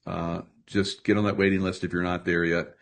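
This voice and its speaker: A man's voice: low voice, level tone, normal speed, gravelly. A man hosting a casual group video call, talking loosely with many fillers and restarts.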